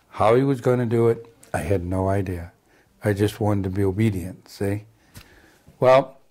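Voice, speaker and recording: A man's voice: lowish voice, a little mellow. A man giving an earnest faith testimony as a healing minister, often adding "see?" to his sentences. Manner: acts out remembered dialogue with raised voice. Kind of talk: storytelling testimony.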